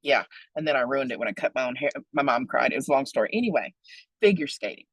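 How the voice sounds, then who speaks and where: A woman in her forties giving a lively webinar talk, joking and chatty, with big excited leaps in her voice. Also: fast talker, husky, no echo, low-quality recording. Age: 40s. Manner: playful, joking, chatty asides; big excited pitch jumps. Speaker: webinar presenter on donor relations.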